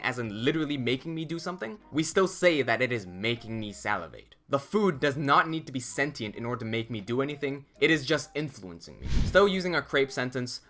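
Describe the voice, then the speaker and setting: A man narrating a scripted language lesson, speaking in a measured, deliberate way and stressing key words, with faint music behind. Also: medium pitch, bright, forceful tone. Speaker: language teacher.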